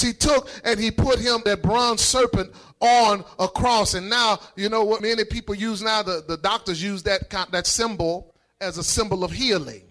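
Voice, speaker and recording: A man preaching a sermon, fervent and sing-song, building up to shouted lines. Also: high voice. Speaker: pastor.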